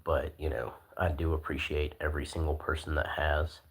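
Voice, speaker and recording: A man hosting a casual livestream, talking in a laid-back, soft-spoken way with lots of fillers. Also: very deep voice, level tone, fairly quick, slightly rough. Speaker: livestream host.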